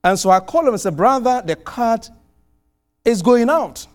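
A middle-aged man from outside the US with a foreign accent, preaching a sermon and telling a personal story with lively, animated delivery. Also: normal speed. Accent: non-American. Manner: animated storytelling, pitch swinging widely.

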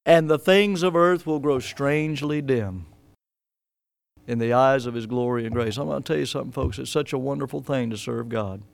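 A man preaching a sermon, swinging between loud emphatic bursts and hushed low phrases, stretching key words and often restarting mid-sentence. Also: steady tone, moderate pace, vocal fry, dry recording. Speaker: pastor.

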